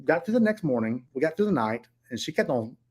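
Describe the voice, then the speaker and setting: A man's voice: fairly high pitch, very animated, quick pace, darkish tone. A middle-aged man who owns short-term rentals, telling viewers a story in a blunt, profane, heated way.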